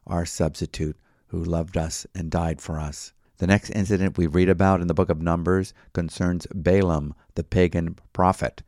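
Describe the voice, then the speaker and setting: A man reading a sermon in a measured way, citing chapter and verse as he teaches. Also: sits low, a little mellow, dry recording, studio quality. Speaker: Bible teacher. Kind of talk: read sermon.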